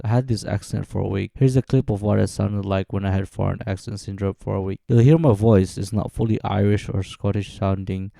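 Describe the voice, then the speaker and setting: A young man in his twenties narrates his own story from a script, moving through dates and events at a steady, even pace. His voice sits low with a gravelly, creaky edge and a dark, mellow tone. The sound is dry and close. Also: no echo. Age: 20s.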